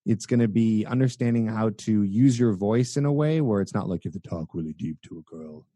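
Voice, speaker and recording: A man's voice: fairly quick, no room sound, studio quality. A young adult man on a podcast, a dating coach explaining his tips with energy and sometimes acting out examples. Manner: energetic, acts out examples in a high goofy voice.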